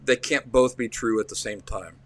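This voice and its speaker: Appalachian man, livestream host, folksy and rambling, mid-pitched voice, restarts a lot. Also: normal speed, a bit bright, no echo. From central Appalachia. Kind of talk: casual livestream storytelling.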